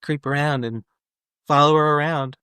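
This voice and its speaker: A man co-hosts a podcast, casually discussing a movie with plenty of fillers and jokey asides. His voice is a little high, bright, forceful, clear and resonant, with fairly even intonation at a moderate pace and no room sound.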